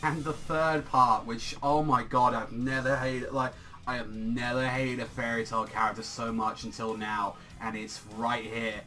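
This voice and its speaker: A man reviewing a manga chapter in a casual video review, excitable and profane, rambling with lots of fillers. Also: medium pitch, unhurried, soft background music.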